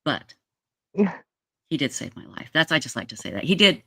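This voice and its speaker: On her livestream, a sixty-something woman from Utah tells a long, rambling personal story, chatty and full of restarts. Her deep, creaky voice swings widely in pitch, bright and forceful, at normal speed. A streaming setup mic captures it with no room sound.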